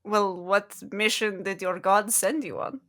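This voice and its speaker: A woman's voice: medium pitch, fairly even intonation, fairly bright tone, natural voice. A woman voicing a friendly, composed male demon hunter with a put-on accent in a tabletop game. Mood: calm. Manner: put-on accent, measured and polite. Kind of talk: tabletop role-play dialogue.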